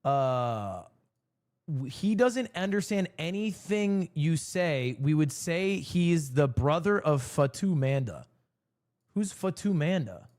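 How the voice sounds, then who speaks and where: A man's voice: a little high, big pitch swings, takes it slowly, a little mellow. A young man chatting casually on his stream, rambling and self-mocking, laughing often. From United States.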